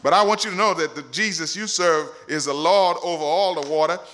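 A male preacher delivering a sermon in an emphatic, repetitive way that rises at times to shouting. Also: on the high side, a little fast, a little hiss or hum.

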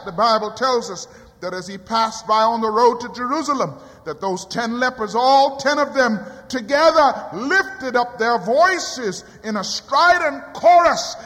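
A man preaching a sermon in a church, swinging from quiet low passages to high cries. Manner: dramatic rising cries and quiet drops. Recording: long hall reverb.

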